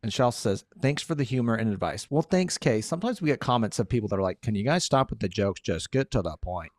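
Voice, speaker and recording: A man's voice: medium pitch, lively intonation, fast, a little mellow, no room sound, clean studio sound. A man hosting a casual podcast, answering listener questions in an upbeat, joking way. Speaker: podcast host and lawyer.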